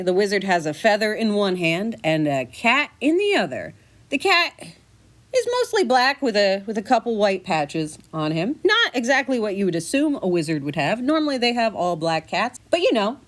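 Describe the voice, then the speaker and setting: A woman narrating a choose-your-own-adventure story in a playful, expressive way. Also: mid-range voice. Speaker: narrator and host.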